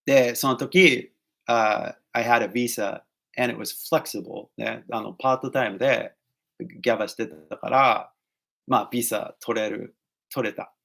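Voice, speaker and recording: A man with an American accent speaks in a relaxed vlog style, chatty and loose, padding his talk with fillers. His mid-range voice carries a gravelly, creaky edge. He moves freely between English and Japanese like a teacher giving advice. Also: mid-range voice. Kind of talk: casual talking-head advice vlog.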